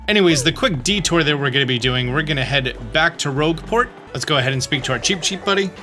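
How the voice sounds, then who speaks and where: A man's voice: a little high, sharp tone. A man giving chatty, upbeat walkthrough commentary at home, often reading game text aloud. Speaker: gaming YouTuber.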